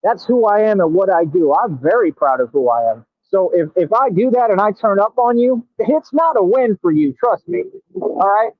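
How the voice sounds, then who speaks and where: A man hosting a combative stream, boasting and confronting commenters, stretching words slowly for emphasis. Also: sits high, sing-song, no echo. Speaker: radio show host. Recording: tinny phone-like sound, dry.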